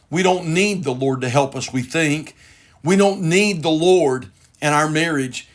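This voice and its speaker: A man, a pastor hosting a broadcast, preaching in an earnest, repetitive way. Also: a little high. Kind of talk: devotional broadcast sermon.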